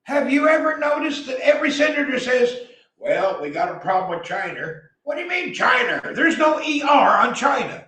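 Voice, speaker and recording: A man from the American South with a Southern accent, delivering a blunt, heated opinion rant as a vlogger and often shouting. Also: very high voice, roomy sound, far from the mic, poor audio.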